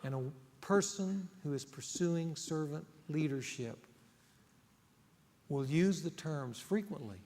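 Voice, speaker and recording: A male pastor delivers a sermon with earnest emphasis, pressing hard on key words and then dropping to a near hush. His voice sits on the high side for a man. It rings out with a long reverb, as if it fills a large church sanctuary. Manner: earnest, emphatic preaching that swings between loud and hushed.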